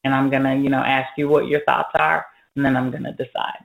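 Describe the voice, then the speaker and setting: A woman's voice: very deep voice, little pitch movement, fast, vocal fry, narrow, tinny audio. A woman co-hosting a casual talk on parenting, joking and playful as she pokes fun at herself. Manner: joking, playful, self-mocking.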